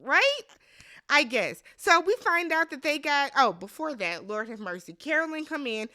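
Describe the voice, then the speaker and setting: A woman's voice: sits high, sing-song, moderate pace, pushed and bright. A woman hosting a casual recap and review vlog, blunt and exasperated, swearing freely and talking straight to the people on the show. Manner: swears freely and asks rhetorical questions. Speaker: reality show recap host.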